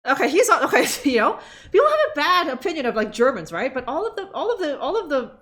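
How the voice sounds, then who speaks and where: A chatty woman streamer playing through a game, laughing and swearing as she jokes about the scenes. Her voice is fairly high and very lively, swinging widely in pitch. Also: fast. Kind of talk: casual game commentary.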